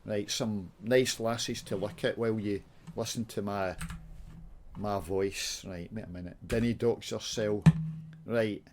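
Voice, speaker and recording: A Scottish YouTuber chats casually on his channel while playing a puzzle game, ranting, cursing, and talking to his viewers. His lowish voice stays steady at a measured pace, with music underneath.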